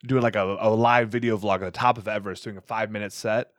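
A man's voice: lowish voice, quick pace, no echo, studio quality. A young man co-hosting a podcast, telling long rambling stories in casual, profane chat. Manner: animated storyteller, profane and rambling. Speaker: podcast co-host. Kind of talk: casual conversation.

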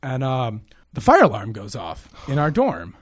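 A man's voice: mid-range voice, huge pitch swings, normal speed, no room sound, studio quality. A young man in casual chat, sheepishly telling college stories with chuckles and casual swearing. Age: young adult.

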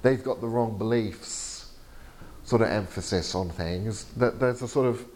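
Man teaching theology, halting and chatty. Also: lowish voice, darkish tone. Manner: halting, with fillers and restarts. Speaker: lecturer. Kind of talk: teaching session. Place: lecture room.

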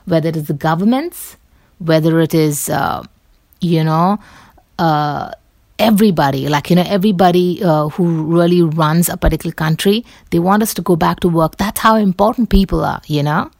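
Woman vlogger, low gravelly voice, dry close sound, rambling casual chat with fillers. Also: normal speed, a little mellow, no room sound. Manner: loose and chatty, many fillers, occasional swearing.

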